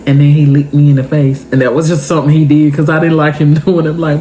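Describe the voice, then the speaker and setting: A young woman vlogger telling a story to her viewers in a casual, animated and emotional way. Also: low-pitched, fast talker.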